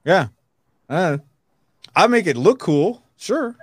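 A man co-hosting a podcast in casual chat, blunt and quick to swear, laughing often at his own jokes. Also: high-pitched, very animated, husky, dry recording, clean studio sound. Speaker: podcast co-host.

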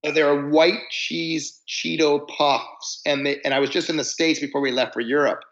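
A man with a gravelly, rough-edged voice tells long, rambling stories about touring life. He restarts his sentences often, on a somewhat muffled, lo-fi recording. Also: fairly high pitch, steady tone, normal speed, fairly bright tone. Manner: rambling, self-interrupting storyteller. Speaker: musician guest. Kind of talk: casual storytelling interview.

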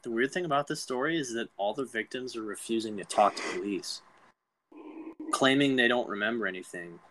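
A man's voice: medium pitch, a little fast, fairly bright tone, a little hiss or hum, poor audio. A man co-hosting a podcast, telling a story in casual chat and laughing through his own jokes. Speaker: podcast co-host.

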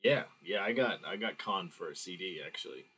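Deep-voiced easygoing young man. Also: expressive, brisk, bright, forceful tone, slight background noise, low-quality recording. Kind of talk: casual chat.

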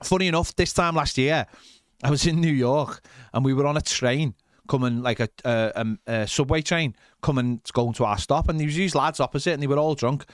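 A man's voice: medium pitch, a little fast, dry recording, studio quality. A man from Liverpool with a Scouse accent, co-hosting a podcast in casual, emphatic chat and often saying "mate". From Liverpool, England. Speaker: podcast co-host.

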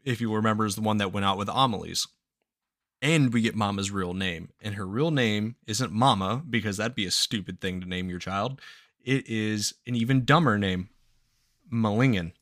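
Bright-voiced man recapping casually. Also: fairly low pitch, normal speed, no room sound, clean studio sound. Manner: profane, laughing, animated retelling with quoted voices. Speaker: podcast host recapping a game. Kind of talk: casual podcast chat.

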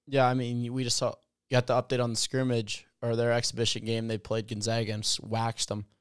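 A man in a casual sports chat, telling an animated story and acting out quotes in a raised voice. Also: mid-range voice, brisk, clear, resonant tone, dry recording, clean studio sound.

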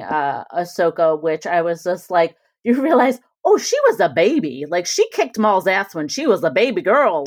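A woman who is a former cohost back as a guest, chatting animatedly about a TV series, laughing often and slipping into slow mock voices. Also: on the low side, no echo, studio quality. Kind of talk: casual podcast chat reviewing a TV series.

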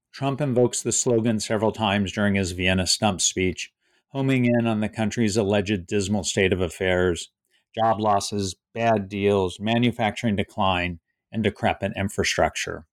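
A male author reading from his book and then reflecting on it, hesitant and full of fillers. His voice is fairly low, and the sound is close and dry with no room behind it. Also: normal speed, no echo.

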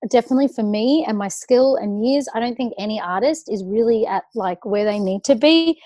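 A woman's voice: on the high side, a little fast, warm tone, dry recording. A woman, a makeup artist chatting animatedly as a guest, full of fillers and stories. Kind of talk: casual chat.

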